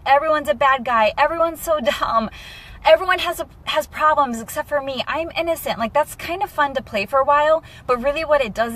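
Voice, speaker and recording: A young woman talking candidly and emotionally to camera in a personal vlog. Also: high-pitched. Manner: candid and emotional, lively asides. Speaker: vlogger.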